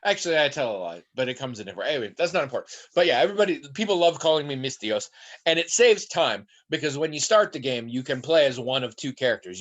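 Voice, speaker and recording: A man co-hosting a podcast tells long, rambling stories in casual chat. His pitch jumps around a lot as he acts out little voices along the way. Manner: rambling animated storytelling with mimicked voices. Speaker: podcast co-host.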